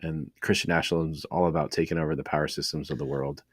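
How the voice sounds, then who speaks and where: A man's voice: rumbling low, level tone, quick pace, no room sound, studio quality. A man co-hosting a casual faith podcast, talking in a rambling way with many fillers and restarts. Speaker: podcast co-host.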